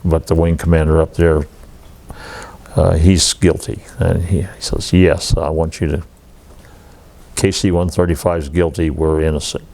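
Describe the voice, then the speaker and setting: A man's voice: very deep voice, normal speed, gravelly, long pauses. A man in his eighties telling war stories in an oral history interview, laughing often and acting out what others said. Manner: lively anecdotes, laughs often, acts out quoted dialogue. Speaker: veteran interviewee.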